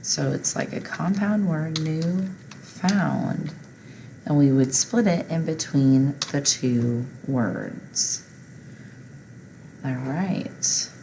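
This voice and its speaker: Slow, patient woman teaching phonics. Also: sits low, background noise. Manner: slow, patient, prompting listeners to repeat. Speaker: reading and spelling teacher. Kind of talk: slow phonics lesson, say-and-spell drills.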